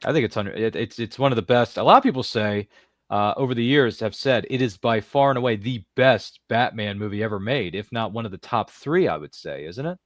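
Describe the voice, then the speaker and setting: A man's voice: on the low side, lively intonation, brisk, no room sound, clean studio sound. A man hosting a podcast interview, chatty and jokey, with many fillers and asides. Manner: chatty, jokey, self-deprecating, filler-heavy. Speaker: podcast host. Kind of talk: casual interview chat.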